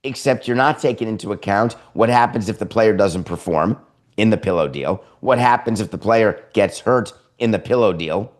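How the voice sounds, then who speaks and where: Sarcastic, low-voiced male sports talk host. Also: normal speed. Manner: sarcastic, opinionated, animated. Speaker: podcast host.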